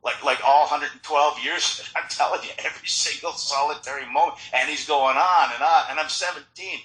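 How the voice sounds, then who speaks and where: A man giving a personal recovery talk at a meeting, telling his story in an animated way with frequent restarts, recorded in an echoey meeting hall. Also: a little high, normal speed. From Florida.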